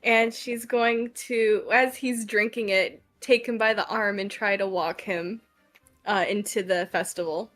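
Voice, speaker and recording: A woman's voice: mid-range voice, fairly even intonation, measured pace, a bit bright, faint music behind. A woman playing a tabletop role-play game, speaking hesitantly with many ums while describing her character's actions. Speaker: player.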